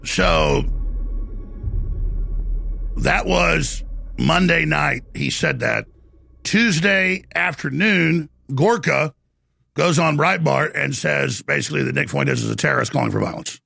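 A man's voice: on the high side, slow pace, vocal fry, long pauses, bright, forceful tone, breathy edge, faint music behind. A man hosting a talk show, delivering emphatic, indignant political commentary.

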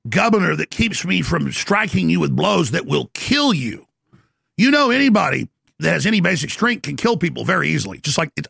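A middle-aged man with a very gravelly, strained voice that sits high. He rants intensely on his talk show, boastful and combative. The sound is bone-dry and close. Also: bright, forceful tone, no room sound. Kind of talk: ranting monologue.

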